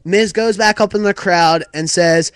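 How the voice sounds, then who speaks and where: A man with a fairly high voice for his sex talks through a recap in casual chat. His delivery is loose and rambling, stacked with "like" and "um" and the odd curse word. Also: unhurried, no echo, low-quality recording. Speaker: co-host of a wrestling talk show.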